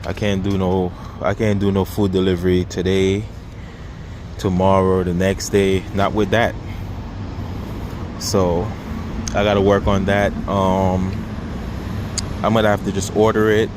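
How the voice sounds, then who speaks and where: With background noise behind him, a young man talks in a low, flat voice, a little slowly and with frequent pauses. He's a vlogger and food delivery driver from Saint Croix, US Virgin Islands, with an Antiguan accent, casually rambling to his audience on a self-filmed vlog, repeating himself and laughing between thoughts.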